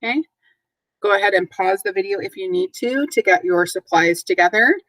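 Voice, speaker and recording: A woman teaching a recorded vocabulary lesson to third graders, speaking clearly and spelling words out letter by letter. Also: medium pitch, expressive, moderate pace, a bit bright, dry recording, low-quality recording.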